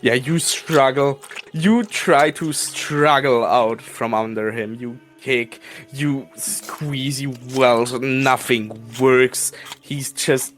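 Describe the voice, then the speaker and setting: A man's voice: mid-range voice, steady tone, slow pace, fairly bright tone, soft background music. A man runs a tabletop horror game, describing the action in loose, vivid, profane narration. He talks casually, like a friend at the table. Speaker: game master.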